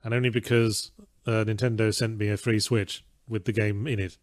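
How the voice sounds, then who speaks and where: A man's voice: fairly low pitch, level tone, moderate pace, no echo. A man co-hosting a stream in casual chat, making dry, wry remarks. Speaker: stream co-host.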